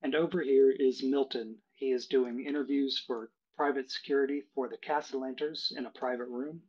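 A man narrating as game master of a tabletop game, explaining things at length with many fillers. His voice is husky and mid-pitched. The audio is dull and lo-fi. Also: steady tone, moderate pace.

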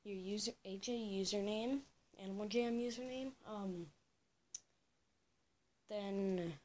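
A young teenage girl rambling in a casual home vlog, drifting into soft whispered asides and cooing high at her pet. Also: takes it slowly, slight background noise. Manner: high coo when talking to her pet. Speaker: vlogger. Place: home room.

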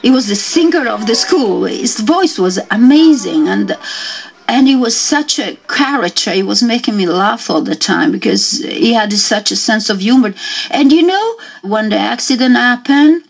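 A woman telling a personal story in a radio interview, talking haltingly and with feeling, often acting out what people said. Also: on the high side, lively intonation, gravelly, husky. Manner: halting and emotional, acts out quoted dialogue. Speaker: interview guest. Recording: muffled lo-fi radio audio.

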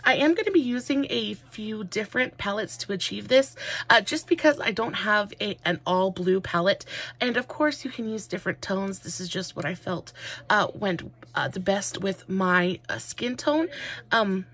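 Gushing, husky-voiced woman vlogger. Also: medium pitch, animated, normal speed, fairly bright tone. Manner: rambling, many fillers, gushing. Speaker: makeup vlogger. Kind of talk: chatty makeup tutorial.

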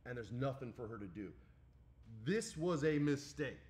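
A man in his forties co-hosting a podcast in casual chat, telling an animated story, acting out lines and swearing freely. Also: medium pitch, normal speed. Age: 40s. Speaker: podcast co-host.

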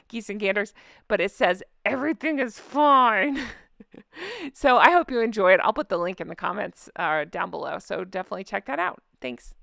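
A woman hosts her own commentary vlog in a bright, forward voice. She chats in a bubbly way and laughs often as she talks to her viewers. The sound is close and dry, with no room around it. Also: medium pitch, vocal fry, no echo. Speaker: vlog host.

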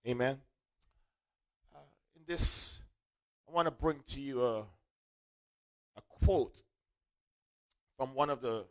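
A man's voice: mid-range voice, a bit bright, low-quality recording. Man preaching a call-and-response sermon. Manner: call-and-response preaching, repeating lines for emphasis. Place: church.

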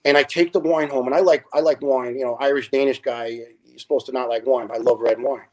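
A man, a retired firefighter telling lively stories as a podcast guest and acting out the people in them. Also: fast. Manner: animated storyteller who acts out quoted people with big pitch jumps. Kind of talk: storytelling in a podcast interview.

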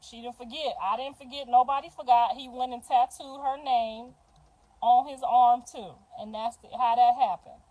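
A middle-aged mother on a livestream, telling stories casually in an animated, dramatic way with gasps. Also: fairly high pitch, moderate pace, muffled recording. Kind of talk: casual storytelling.

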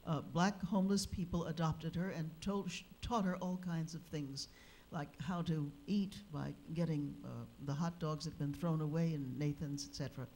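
Animated woman telling a funny story. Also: deep voice, moderate pace, few pauses, slight background noise. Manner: lively, animated raconteur with humorous asides. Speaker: speaker at a religious gathering. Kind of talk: anecdotal storytelling. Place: live gathering hall.

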